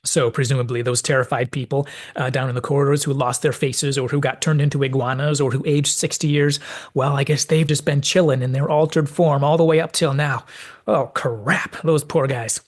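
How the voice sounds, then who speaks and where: A man's voice: mid-range voice, steady tone, normal speed. A man hosting a video essay, reflectively analyzing a classic TV episode and thinking aloud as he goes.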